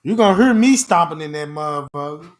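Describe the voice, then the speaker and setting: A man with a high voice spins loose, comic stories as he hosts a casual chat. His talk is slangy, and he keeps checking in with his listeners. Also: animated, a little fast. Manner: slangy, keeps asking "you know what I'm talking about". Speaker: host of an open chat stream. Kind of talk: casual comedic storytelling.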